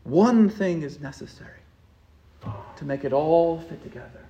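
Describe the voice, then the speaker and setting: A man preaching a sermon as pastor, with a lot of rhetorical repetition and swings from hushed tones to loud passion. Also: a little high, expressive, moderate pace, echoey room, a little hiss or hum.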